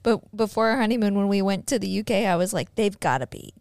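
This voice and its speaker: A woman's voice: mid-range voice, fast talker, a little mellow, dry recording. A woman in a casual podcast chat, giggling and self-deprecating.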